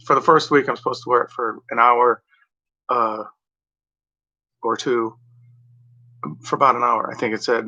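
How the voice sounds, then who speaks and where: A man's voice: medium pitch, bright, forceful tone. A man chatting casually in a meandering way, full of "like" and "you know" and correcting himself as he goes. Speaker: vlogger. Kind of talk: casual rambling chat. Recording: dull lo-fi home recording.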